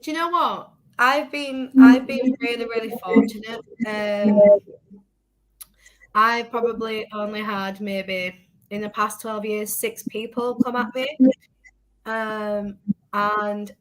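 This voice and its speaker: A woman's voice: fairly high pitch, steady tone, takes it slowly, a bit bright, poor audio. A woman who works as a psychic medium, a guest speaking earnestly in a casual chat and laughing off teasing.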